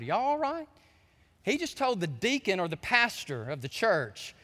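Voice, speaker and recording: A pastor with a strikingly high, bright voice who preaches in a folksy, animated way. He drops to hushed asides, then builds to shouts, with his pitch leaping widely. His voice rings through a church sanctuary with a long reverb. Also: moderate pace. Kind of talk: sermon.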